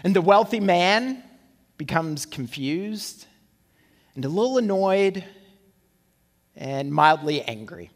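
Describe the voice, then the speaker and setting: A male pastor preaches in a conversational, animated way and keeps posing rhetorical questions. His voice sits notably high. A long reverb trails through the hall behind him. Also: slow pace, pauses often. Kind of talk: sermon.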